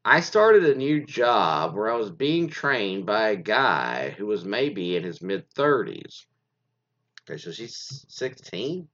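A man's voice: lowish voice, a bit bright. A man reading stories aloud and commenting in a rambling, digressive way full of fillers, recorded lo-fi.

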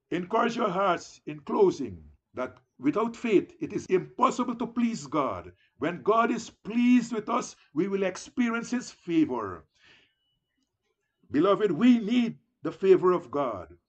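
A man's voice: sits high, sing-song, unhurried, lo-fi sound. A man preaching a sermon in an earnest, exhorting manner, often calling his listeners "beloved" and rising into emphatic declarations.

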